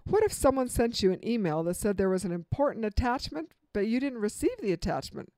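A woman's voice: on the high side, very animated, a little fast, dark tone, no echo. A woman giving an instructional talk on communication, quizzing the listener with multiple-choice examples and a light touch of humor.

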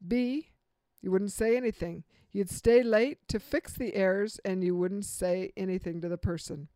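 A woman's voice: medium pitch, measured pace, dark tone, no room sound. A woman giving an instructional talk on communication, quizzing the listener with multiple-choice examples and a light touch of humor.

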